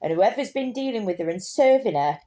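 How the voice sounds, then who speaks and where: A woman's voice: medium pitch, lively intonation, fairly quick, warm tone. A woman telling a story in a casual, impassioned way, indignant and rambling with restarts.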